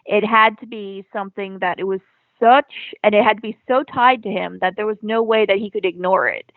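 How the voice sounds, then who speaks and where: A woman's voice: mid-range voice, steady tone, a little fast. A woman talks chattily as an interview guest, her speech full of ums and you-knows. The sound is thin and phone-like, and there is no room echo at all. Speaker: comic creator guest. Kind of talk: casual interview chat. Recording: dry tinny phone-like line.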